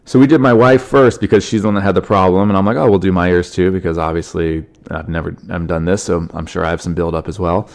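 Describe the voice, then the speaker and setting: A man with a cold, sniffling as he tells rambling, animated stories on his solo podcast. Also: low voice, quick pace, vocal fry, hardly any pauses. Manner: animated, rambling, frequent fillers. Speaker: podcast host, comedian. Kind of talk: casual solo podcast storytelling.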